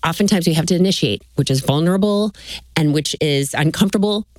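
A woman from Texas, a guest author telling stories in an animated, folksy way on a faith talk show. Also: low-pitched, fast, no room sound.

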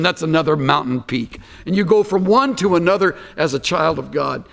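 Male preacher, high voice, emphatic, slows on key words, sermon, long hall reverb. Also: vocal fry, a bit bright. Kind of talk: expository sermon.

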